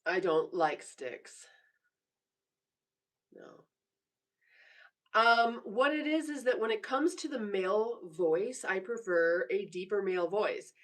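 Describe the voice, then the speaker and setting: Woman, 40s, unhurried teasing live-stream chatter, laughs a lot, mic set back a little. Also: medium pitch, expressive, distant mic. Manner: chatty, teasing, laughs often, reads viewer comments aloud. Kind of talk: casual live stream chat. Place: home bedroom.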